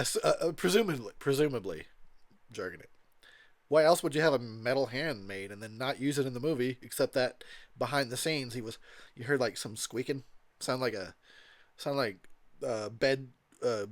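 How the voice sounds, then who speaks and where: A man's voice: mid-range voice, dry recording. A tipsy man giving rambling, crude commentary over a movie, laughing often. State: tipsy from drinking. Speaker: commentary host.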